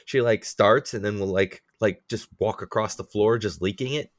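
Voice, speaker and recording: A man with a low voice rants and swears through a casual podcast chat, his complaints running on and on. The recording is close and dry, with no room sound. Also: moderate pace, no echo. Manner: profane, ranting, animated complaints. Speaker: podcast co-host.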